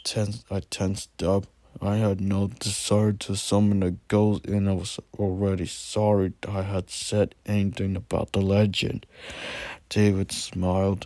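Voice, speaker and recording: A man reading a first-person horror story aloud in a slow, halting way. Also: low voice, completely flat delivery, warm tone, no echo.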